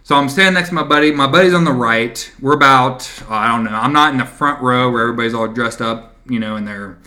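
A man's voice: mid-range voice, quick pace, bright, forceful tone. A man in his thirties co-hosting a podcast, telling a rambling, profane story and acting out the quoted voices. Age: 30s. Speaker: podcast co-host. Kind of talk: casual storytelling chat. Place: small home studio. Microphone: studio mic.

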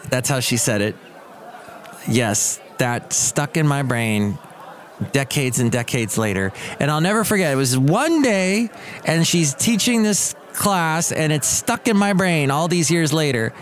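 A Southern California podcast host in his fifties delivers a casual monologue, rambling through stories full of digressions and asides. His voice is mid-range and his pace is measured.

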